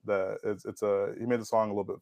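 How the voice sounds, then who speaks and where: Fast-talking animated young guy, dry mic. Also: lowish voice, creaky, no room sound. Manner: animated storyteller, swears, acts out quotes loudly. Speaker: podcast guest, car detailer. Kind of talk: casual storytelling chat.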